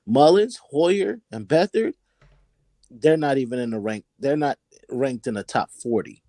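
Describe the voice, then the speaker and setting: Dark-voiced man giving emphatic sports takes. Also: mid-range voice, lively intonation, a little slow, dry recording, clean studio sound. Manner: emphatic, repeats words when fired up. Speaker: call-in guest on a sports podcast. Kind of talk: animated sports opinion talk.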